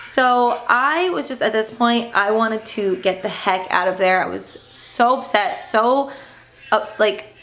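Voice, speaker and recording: Uma mãe jovem que narra num vlog casual uma ida difícil ao dentista, em tom indignado e aflito, com muitas hesitações. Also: female voice, fairly high pitch, measured pace, fairly bright tone. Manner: upset, indignant retelling with fillers. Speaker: stay-at-home mom vlogger.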